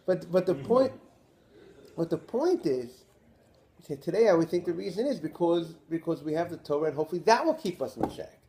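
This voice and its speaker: A man, a rabbi, giving a Torah class lecture in an animated way, posing rhetorical questions to his listeners. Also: a little high, a little fast.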